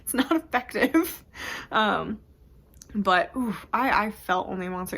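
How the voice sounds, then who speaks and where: A woman's voice: medium pitch, a bit bright. Young woman book vlogger talking at home, chatty, keeps cutting herself off. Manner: chatty, rambling, self-interrupting. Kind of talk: casual chat.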